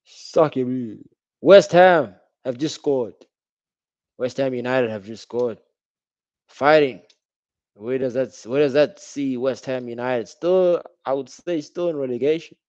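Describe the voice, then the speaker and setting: A young man giving casual, slangy live reaction commentary while watching a football match, calling out the referee loudly. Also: medium pitch, unhurried, dry recording. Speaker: football watch-along streamer. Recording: dull, dry home stream audio.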